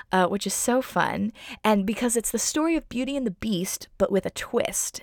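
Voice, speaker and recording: A woman's voice: fairly low pitch, vocal fry, no room sound, studio quality. A young adult woman telling a personal story in a chatty, gushing way, full of "like" and "um". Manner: chatty, gushing, heavy use of "like" and "um".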